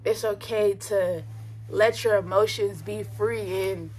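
Close to crying, a young woman vlogger tells her personal faith story from her bedroom in an earnest, casual way, full of fillers, slang, and repeated lines. She speaks slowly at a medium pitch with fairly even intonation, a slightly mellow tone, and a breathy edge.

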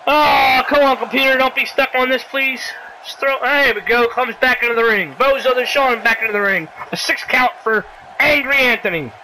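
A game commentator calling a wrestling video game play by play, excitable, sarcastic, yelling at big moves and pleading with the wrestlers. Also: mid-range voice, a little fast, a little hiss or hum, rough recording. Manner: sarcastic asides and mild swearing.

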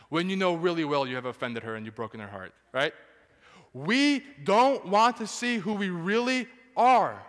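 A man's voice: high voice, expressive, a little slow, a bit bright. A man preaching a sermon to his congregation, emphatic, often putting questions to the listeners. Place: church sanctuary. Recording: church hall with long reverb.

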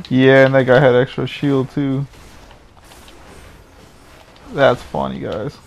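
A man's voice: mid-range voice, sing-song, extremely slow, vocal fry, pauses often, a little mellow, muffled recording. A young adult man ranting and cursing angrily while commentating his own gameplay. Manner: angry profane ranting. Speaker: gamer. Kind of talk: game commentary.

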